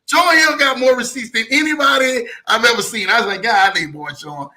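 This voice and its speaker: Male host: high pitch, very bright, excitable and slangy. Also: brisk. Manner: hyped, slangy, hypes up the guest. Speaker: show host. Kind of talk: casual interview chat.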